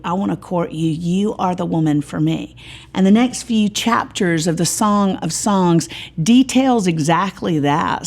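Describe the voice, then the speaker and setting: A middle-aged woman, giving a sermon-style Bible teaching with lively storytelling and humorous asides. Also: mid-range voice.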